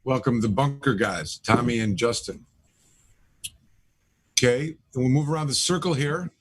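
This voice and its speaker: A middle-aged man hosts a live talk show in a casual, rambling way. He leans on fillers and restarts as he introduces each guest. His voice sits at an ordinary middle pitch. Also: normal speed. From Michigan. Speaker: host, attorney.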